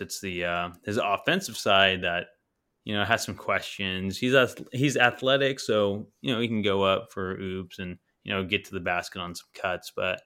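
A man's voice: deep voice, sharp tone, clean tone. A man co-hosting a casual sports podcast, talking with enthusiasm and casual slang.

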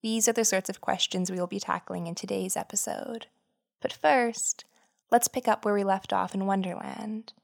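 A woman hosting a podcast, giving scripted, measured narration that explains ideas and tells a story. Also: medium pitch, fairly even intonation, vocal fry.

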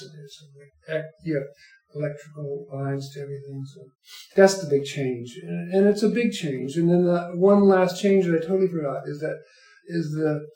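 Older male guest, wry rambling storyteller, slightly high voice, echoey room. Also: dark tone. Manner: rambling, wry, chuckling asides. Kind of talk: casual interview chat. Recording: echoey room, faint music.

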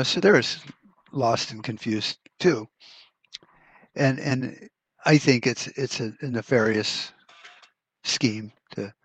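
A man's voice: mid-range voice, a bit bright, slightly rough, dry recording. A man hosting a prepper podcast, talking in a blunt, profane, rambling way with many restarts. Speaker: podcast host. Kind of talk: casual rant podcast.

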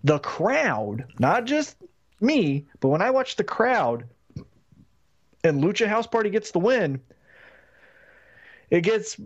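A man's voice: high-pitched, big pitch swings, takes it slowly, pauses often, dull audio. A man co-hosting a wrestling podcast, ranting emphatically and swearing a lot in casual chat. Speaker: podcast co-host.

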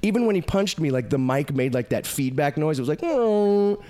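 Profane, animated male storyteller. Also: a little high, quick pace. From United States. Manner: animated, profane, acts out quoted voices. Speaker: podcast guest. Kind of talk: casual storytelling.

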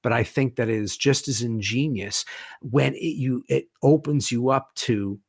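A man chatting enthusiastically as a guest, animated, with casual swearing. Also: mid-range voice, a little slow, husky, no room sound, studio quality. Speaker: guest, horror author and podcast host. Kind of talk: casual conversation.

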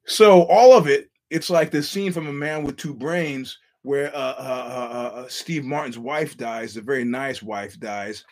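A man's voice: medium pitch, measured pace, few pauses. Male solo podcast host, blunt and profane, ordinary mid-range voice. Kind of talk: ranting solo podcast monologue.

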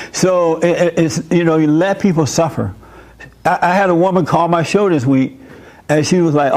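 A man's voice: a little high, darkish tone. Blunt, emphatic male preacher. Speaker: preacher and call-in show host. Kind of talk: sermon. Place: room with a live audience.

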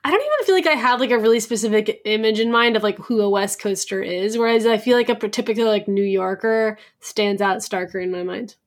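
A woman hosting a casual podcast who thinks out loud, often filling her speech with "like". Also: medium pitch, brisk, few pauses. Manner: reflective, frequent "like" fillers, laughs easily. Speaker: podcast host and newsletter writer. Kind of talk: casual conversational chat.

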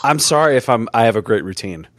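A man hosting a casual podcast interview, telling playful, animated stories with quick asides. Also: medium pitch, no echo, clean studio sound. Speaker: podcast host.

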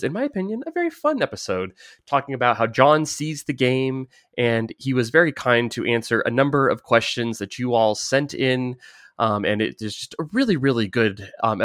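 A man's voice: mid-range voice, fairly bright tone, no room sound, studio quality. A man hosting a podcast, upbeat and chatty, with an enthusiastic, casual way of talking. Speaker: podcast host.

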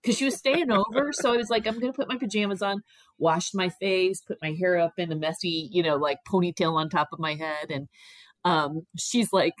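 A middle-aged woman tells a personal story in a relaxed, chatty way, jumping up in pitch whenever she acts out what people said. Her voice sits fairly low, and the recording is close and dry with no room sound. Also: moderate pace, no echo. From Ohio. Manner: animated, acts out quoted voices. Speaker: guest telling her story. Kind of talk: casual storytelling.

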